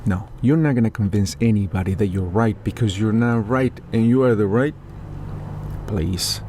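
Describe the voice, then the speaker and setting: A man's voice: lowish voice, moderate pace, dark tone, slight background noise. A man from Mexico delivering a heated, profane political rant, indignant and sarcastic as he talks straight to his viewers. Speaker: political commentator.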